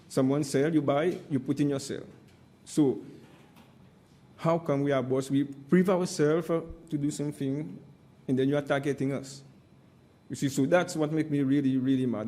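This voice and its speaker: A witness at a public hearing speaks English. His voice is dark and warm, and he talks haltingly, filling pauses with "uh". He keeps pressing his point with an insistent "my friend". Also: fairly high pitch. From Seychelles. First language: Seychellois Creole. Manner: halting, frequent "uh" fillers, insistent repeated "my friend". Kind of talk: testimony at a hearing.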